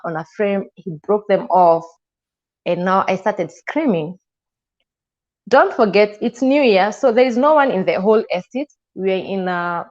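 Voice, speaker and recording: Her pitch fairly low and her tone darkish, a Kenyan woman shares her own story as an interview guest. She is emotional and gives voice to the people in her account, heard through slightly muffled, lo-fi audio.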